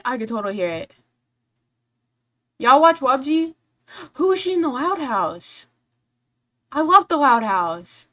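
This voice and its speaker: A young woman streaming a game, chatting casually and reacting excitedly. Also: fairly high pitch, unhurried, pauses often. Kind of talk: casual livestream commentary over a game.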